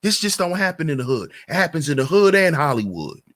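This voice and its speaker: A man's voice: on the high side, big pitch swings, fairly quick, fairly bright tone. A man hosting his own channel, giving an emphatic commentary rant full of repeated rhetorical questions. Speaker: channel host.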